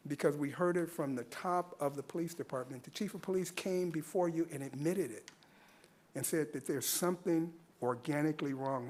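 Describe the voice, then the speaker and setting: At a podium microphone during a civic meeting, a man gives public comment in a slightly high, darkish voice. He speaks earnestly, asking rhetorical questions and repeating his points for emphasis.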